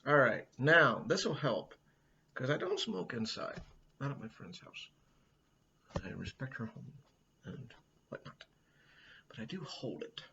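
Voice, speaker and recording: Gravelly rambling middle-aged man. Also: mid-range voice, sing-song, unhurried, long pauses, pushed and bright, lo-fi sound, slight background noise. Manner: meandering, swears often, laughs a lot. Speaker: vlogger. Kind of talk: rambling casual monologue. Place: indoors at a friend's house.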